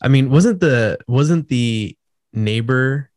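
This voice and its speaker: A man's voice: mid-range voice, lively intonation, takes it slowly, darkish tone, dry recording, studio quality. A man in a casual podcast chat, enthusiastic and rambling, swearing casually. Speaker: podcast co-host or guest.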